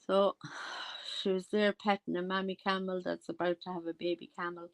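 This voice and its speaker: Speaking at a moderate pace with a smooth, flat delivery, the chatty Irish vlogger has a fairly low voice. Her casual commentary wanders, trailing off and returning whenever she loses her thread.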